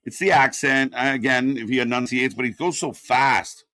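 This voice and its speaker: A man's voice: mid-range voice, normal speed, sharp tone, no room sound. A man doing unscripted live watch-party commentary, ranting and swearing in exasperation.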